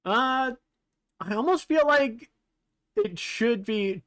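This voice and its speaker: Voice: mid-range voice, animated, slow, pauses often, fairly bright tone. A streamer giving casual game commentary, musing aloud with frequent fillers and the odd curse. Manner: casually profane.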